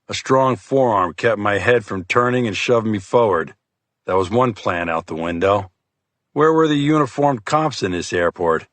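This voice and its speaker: A man narrating a crime thriller audiobook in the first person, with a steady, measured delivery. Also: fairly low pitch, no room sound.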